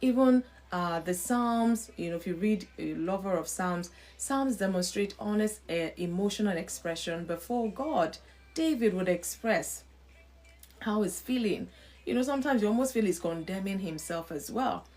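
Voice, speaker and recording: A woman's voice: mid-range voice, lively intonation, moderate pace, darkish tone. A woman hosting a live stream, giving an earnest faith-based talk. She repeats her points, asks rhetorical questions and greets viewers by name as she goes.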